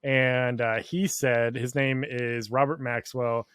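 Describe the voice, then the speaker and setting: A man's voice: mid-range voice, flat delivery, takes it slowly, a bit bright, smooth, no room sound. Curious man asking questions, dry sound. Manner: inquisitive, asks follow-up questions. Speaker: podcast co-host. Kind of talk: casual podcast chat.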